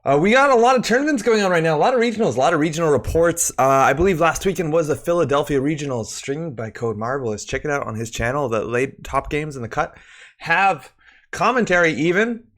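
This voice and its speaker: Chatty streamer, a bit out of breath. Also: male voice, fairly high pitch, expressive, fast talker, a bit bright. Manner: chatty, greets viewers by name. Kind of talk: live-stream chat about a card game. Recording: faint music behind.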